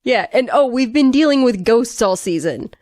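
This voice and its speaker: A woman co-hosting a fan podcast, chatting casually with dry, deadpan sarcasm. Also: a little high, normal speed, no room sound. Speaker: podcast co-host. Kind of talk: casual chat, TV episode discussion.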